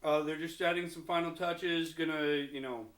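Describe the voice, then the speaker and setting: A man's voice: a little high, steady tone, normal speed, a bit bright. A man in a casual podcast chat, blunt and teasing toward his friends. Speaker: podcast co-host. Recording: echoey room.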